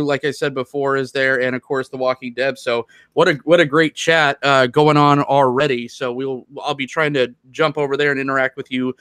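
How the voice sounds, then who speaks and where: A man's voice: a little high, pushed and bright, no echo, clean studio sound. A man co-hosting a podcast in casual chat, rambling, restarting his sentences and joking as he goes. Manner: rambling, self-interrupting and joking. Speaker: podcast co-host.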